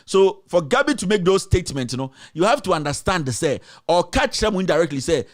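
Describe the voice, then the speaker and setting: A man's voice: high voice, sing-song, brisk, few pauses. A man with a Ghanaian accent, delivering a combative, repetitive political rant as a commentator.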